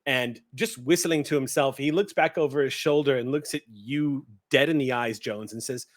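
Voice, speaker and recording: A man's voice: mid-range voice, normal speed, few pauses. A man narrating a tabletop horror game as game master, vivid and easy to laugh.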